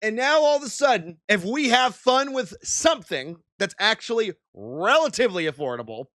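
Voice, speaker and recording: A man's voice: sits high, big pitch swings, moderate pace, a bit bright, no echo, clean studio sound. A young man streaming, ranting and swearing in exasperated commentary.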